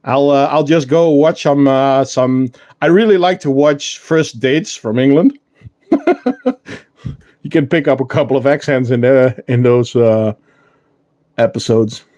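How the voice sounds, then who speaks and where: Dutch man, live-stream host, unhurried and mellow, chatty with lots of ums. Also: mid-range voice. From Netherlands. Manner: relaxed, chatting with viewers while showing his ants, frequent ums. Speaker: ant keeper streamer. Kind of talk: casual live-stream chat.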